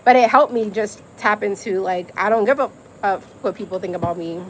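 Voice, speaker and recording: A woman's voice: medium pitch, fairly quick, a little hiss or hum, poor audio. A young adult woman hosting a live stream, telling stories in a candid, emphatic way with slang and profanity. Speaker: host. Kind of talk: casual live-stream chat.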